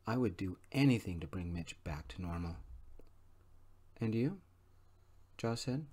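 A man reads an audiobook in a hushed, soft-spoken ASMR manner. His voice sits fairly low and stays gentle throughout. The delivery is calm, quiet first-person narration.

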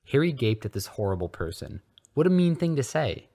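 A very deep-voiced man narrates fanfiction for a podcast. He reads in a deadpan way, as if it were serious. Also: moderate pace. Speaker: podcast host reading fanfiction. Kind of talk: comedic story reading.

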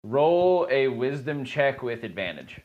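A man's voice: mid-range voice, very animated, a little slow, phone-quality sound. A man running a tabletop game as dungeon master, narrating and often breaking into laughter.

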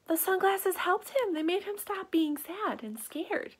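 A woman reading a children's picture book aloud, gasping and dropping into soft whispered asides and asking her young listeners questions. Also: extremely high pitch, animated, takes it slowly.

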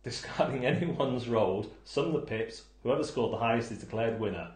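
A man's voice: medium pitch, expressive, moderate pace, a little mellow, reverberant. A man hosting a board game countdown, reading out reviews and answering them with dry jokes and puns. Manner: wry, punning, jumps between joking and mock outrage. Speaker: board game channel host.

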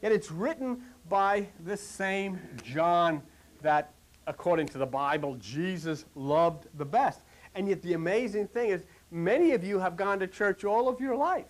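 High-voiced preacher, animated sermon. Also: male voice, unhurried. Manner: conversational, repetitive, rising to animated emphasis.

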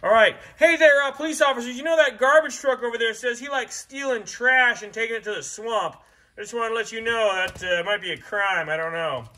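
A woman playing with toy cars alongside a child, narrating the action in an animated way with sound effects. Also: a little high, fairly quick. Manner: animated, makes sound effects and voices for toys. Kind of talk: playful toy play narration.

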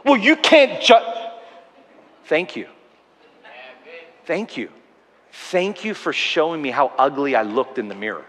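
A man's voice: medium pitch, very animated, a little slow, pauses often, fairly bright tone, long reverb tail. A man preaching a sermon as a pastor, earnestly telling stories with self-deprecating humor. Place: church auditorium.

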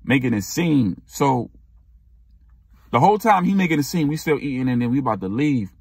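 A man's voice: medium pitch, moderate pace, vocal fry, husky, dry recording, clean studio sound. A young man telling a personal story in casual, slangy storytime style. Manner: slangy, animated retelling. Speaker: vlogger.

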